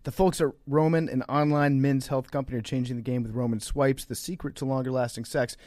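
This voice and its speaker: A man's voice: medium pitch, steady tone, a little fast, a little mellow, no echo. Man reading ads, dry close sound. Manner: joking, crude asides. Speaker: podcast co-host. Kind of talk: ad read.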